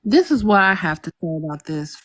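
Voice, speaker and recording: A woman's voice: mid-range voice, sing-song, a bit bright, a little hiss or hum. A woman from the United States, ranting bluntly and with profanity in a heated panel talk. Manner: blunt and profane, slow, emphatic. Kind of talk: heated casual rant.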